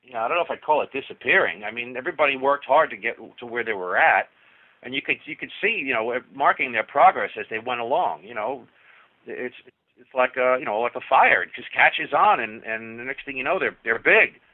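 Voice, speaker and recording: A man's voice: medium pitch, expressive, a little fast, no echo. A male rock musician telling stories as an interview guest, rambling with many restarts. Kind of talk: casual storytelling. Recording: tinny phone-line sound.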